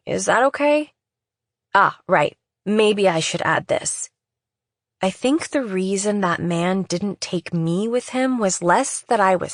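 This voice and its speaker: A woman's voice: on the low side, no room sound, studio quality. Woman narrating a first-person audiobook. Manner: reflective, wry storytelling.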